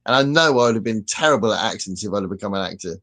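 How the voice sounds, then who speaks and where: A man's voice: fairly low pitch, lively intonation, very fast, fairly bright tone. A man co-hosting a podcast in casual chat, laughing often and reading chat comments aloud.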